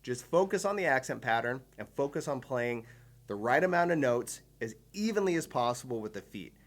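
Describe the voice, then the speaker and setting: A man's voice: mid-range voice, animated, fairly quick. A man giving a drum lesson, explaining patterns step by step with enthusiasm and counting beats aloud. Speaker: drum teacher. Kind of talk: instructional video lesson.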